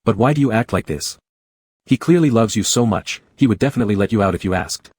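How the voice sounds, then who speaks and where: A man's voice: lowish voice, lively intonation, fast, a little mellow, slightly rough, dry recording, studio quality. A man voicing a male task system companion in a comic story, teasing and exasperated.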